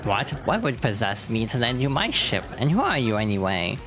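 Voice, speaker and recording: A woman voicing a boastful ancient male skeleton pirate captain, with drawn-out theatrical threats over game music. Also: extremely low pitch, sing-song, a bit bright, exaggerated voice. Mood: scornful.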